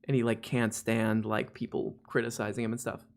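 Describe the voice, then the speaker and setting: A man hosts a casual live stream, reading requests while rambling and laughing at himself in a self-mocking way. His voice is fairly low and level, at a normal speed.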